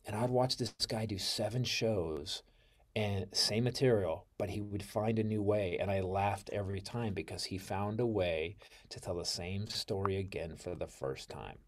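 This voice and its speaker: A man with an American accent, a comedian telling stories in a casual interview, swearing freely and acting out quoted lines loudly and high. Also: normal speed. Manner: profane, excitable, acts out quotes with big jumps in pitch and loudness. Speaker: comedian guest. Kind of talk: animated storytelling in casual interview.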